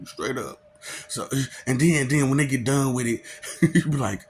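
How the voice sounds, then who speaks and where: Gravelly, chuckling man lecturing the camera. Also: medium pitch, lively intonation, slow pace, a little hiss or hum. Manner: chuckling, rhetorical, repetitive. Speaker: vlogger. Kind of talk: casual preachy monologue.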